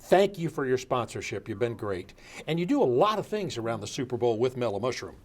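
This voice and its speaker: A man's voice: medium pitch, big pitch swings, a little fast, darkish tone. A man hosting a sports show in a studio, talking casually and joking with his guests. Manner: jovial, joking.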